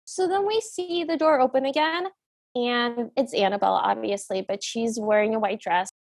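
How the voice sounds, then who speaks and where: High-voiced woman podcast co-host. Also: moderate pace, gravelly, no room sound. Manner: animated retelling, voicing characters in passing. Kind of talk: casual recap chat.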